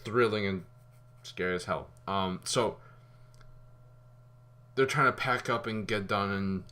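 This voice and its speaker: A man giving a casual spoken movie review, rambling and animated, with fillers and some swearing. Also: on the low side, slow.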